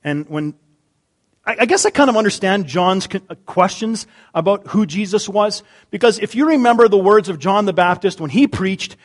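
A middle-aged man delivers a sermon in a high voice that leaps up and down in pitch. He jokes with his listeners and moves between loud emphasis and quiet asides. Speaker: pastor.

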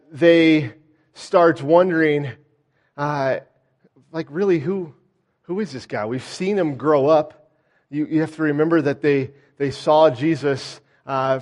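Male pastor, slightly high voice, animated sermon delivery with lots of "uh.". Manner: animated, acts out the townspeople's doubts; frequent "uh" fillers and restarts.

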